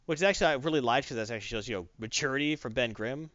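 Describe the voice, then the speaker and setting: A man's voice: mid-range voice, very fast, no echo. A man hosting a podcast, recapping a comic book casually with lots of fillers. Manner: animated storyteller, many fillers. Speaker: podcast host. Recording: dull, dry lo-fi recording.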